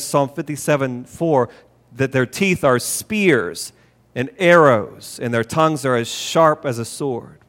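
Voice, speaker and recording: A man with a slightly higher-than-usual voice preaches a sermon in an earnest, emphatic way, repeating key phrases to drive them home. His voice rings out with the long reverb of a church sanctuary. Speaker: pastor. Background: hall reverb.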